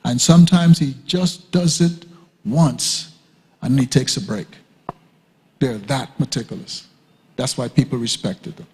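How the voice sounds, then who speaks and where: A man's voice: medium pitch, measured pace, pauses often, darkish tone, a little hiss or hum. An older man teaching at a church leadership conference, in a conversational style with joking asides. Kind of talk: teaching talk. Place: church hall. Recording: long hall reverb.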